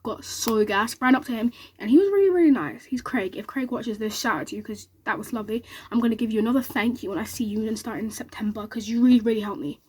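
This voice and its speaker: A young woman, vlogging to camera and telling an excited story in a rapid, animated way, acting out what others said. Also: on the high side, a little hiss or hum. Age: young adult.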